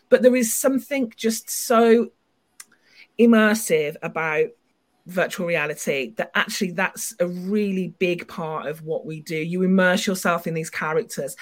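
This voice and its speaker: A woman, a guest from a small company, talking in an earnest, upbeat way with restarts, heard over a video call. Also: mid-range voice.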